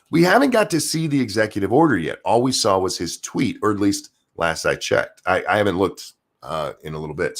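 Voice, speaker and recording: A man hosting his own channel, giving a heated, profane and sarcastic political rant, jumping between loud outbursts and low muttered asides. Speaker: streamer and channel host. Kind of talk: angry political commentary rant.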